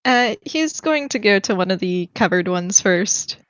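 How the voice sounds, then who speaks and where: A woman's voice: mid-range voice, lively intonation, unhurried, fairly bright tone, dry recording, muffled recording. A woman playing a tabletop game, describing her character's actions in third person and laughing often. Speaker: player.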